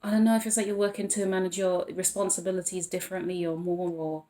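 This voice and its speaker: A woman's voice: fairly low pitch, little pitch movement, fast, mellow. Rambling woman reading tarot. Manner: rambling, self-interrupting, laughs often. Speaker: tarot reader. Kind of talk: casual tarot reading to camera. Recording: roomy echo.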